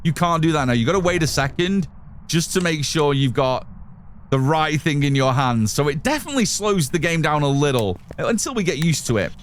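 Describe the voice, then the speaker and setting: A man streaming a game live from his home setup, chatting away to viewers and muttering to himself as he plays. His voice sits a little higher than most men's, with a faint hiss of noise behind it. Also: sing-song, brisk. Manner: chatty, talks to chat and to himself while playing. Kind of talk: live gameplay commentary.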